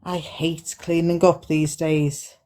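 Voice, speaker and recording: A woman's voice: sits low, little pitch movement, slow, warm tone. A woman in a giggly, easygoing casual chat on a live stream.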